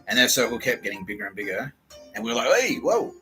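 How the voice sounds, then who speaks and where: A man's voice: on the low side, very fast, soft background music, rough recording. An Australian man hosting a podcast, telling a casual story with lots of swearing and acted-out quotes. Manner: animated, swears often, acts out quoted voices. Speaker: podcast host.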